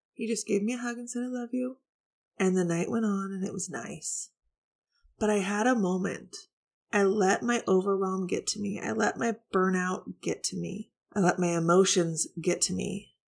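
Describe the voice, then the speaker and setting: Candid woman with a gravelly voice. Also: medium pitch. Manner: candid, reflective, confessional. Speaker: podcast host. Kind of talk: personal storytelling to listeners.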